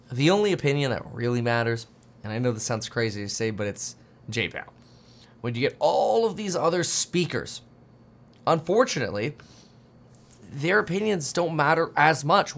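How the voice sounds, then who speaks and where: A man giving casual, animated market commentary, reading news aloud with jokey asides and mocking quoted voices. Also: medium pitch. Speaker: finance commentator.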